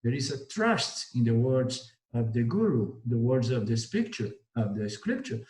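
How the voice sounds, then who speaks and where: A man with a Brazilian Portuguese accent teaches spiritual philosophy in a relaxed storytelling way. He circles back and restates his points, and briefly acts out the voices of the people in his stories. His mid-pitched voice carries a roomy echo. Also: a little slow. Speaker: Vedanta teacher.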